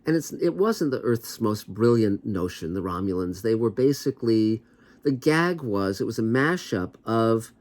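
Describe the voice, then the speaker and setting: A man's voice: lowish voice, lively intonation, moderate pace, darkish tone. Rambling, wry male TV writer. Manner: rambling, conversational, many asides; skeptical, wry. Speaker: TV writer and show host. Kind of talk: casual commentary to camera.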